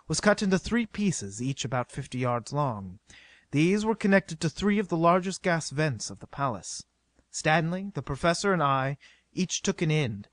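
A man reading an adventure novel aloud as narrator, with a steady, dramatic delivery. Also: on the high side, dry recording. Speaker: audiobook narrator.

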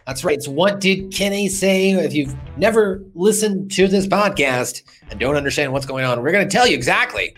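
Animated man recapping a cartoon episode. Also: quick pace, few pauses, faint music behind. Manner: retells scenes, jumping into high put-on character voices. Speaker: podcast co-host. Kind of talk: casual podcast recap.

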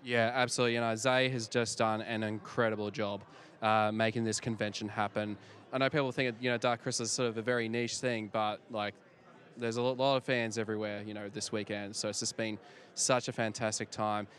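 A man's voice: lowish voice, level tone, fairly quick, fairly bright tone. A man interviewing guests outdoors at a fan convention, talking casually with many fillers and restarts. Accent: non-local accent.

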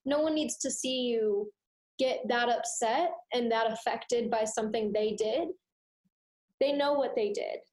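A young woman co-hosts a student podcast, her voice a bit high as she chats casually. She acts out the voices she quotes and fills her sentences with little hedges, all in a noticeably echoey room. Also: measured pace. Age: young adult. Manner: animated, acts out quoted voices, many fillers. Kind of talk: casual chat.

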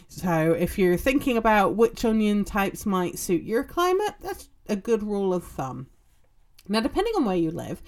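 Lady hosting a gardening podcast, kinda low voice, chill, lots of um and you know. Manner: relaxed, explanatory, frequent ums and you-knows. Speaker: podcast host. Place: home in a short-season area.

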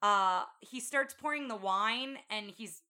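A woman chats casually as a podcast co-host, walking through a film's plot. Her voice is bright and clear, and she slips into the characters' lines as she retells scenes. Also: medium pitch, takes it slowly. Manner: animated storyteller, acts out quotes. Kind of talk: casual film recap chat.

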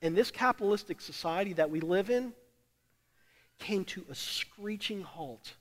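A man with a high, light voice preaches a sermon from a church platform, dropping to near-murmurs and then rising to loud, emphatic repeated lines. He speaks directly to the congregation. His voice carries a long, echoing tail from the large sanctuary. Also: lively intonation, unhurried. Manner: swings from hushed murmurs to loud emphatic declarations. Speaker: pastor. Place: church sanctuary during a service. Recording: long hall reverb of a church.

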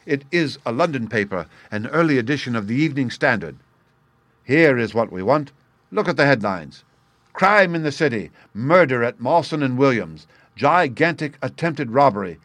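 A man reading the lines of a sharp, confident male detective in a crisp, explanatory manner. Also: mid-range voice, normal speed, dry recording, pitched above the performer's own voice, natural voice. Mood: excited. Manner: crisp, explanatory, bursts of excitement.

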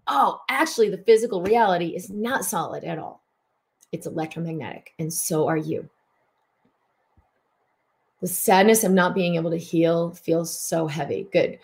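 A woman with a somewhat low voice talks through a spiritual healing broadcast. She is earnest and flowing, and she leans on repeated words to stress her points. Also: a little mellow.

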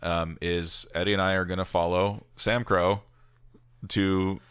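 A man's voice: low voice, little pitch movement, measured pace, fairly bright tone, clear, resonant tone, no echo. A man co-hosting a casual podcast, eagerly explaining story details to his co-host. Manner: enthusiastic, explains plot details. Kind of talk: casual chat.

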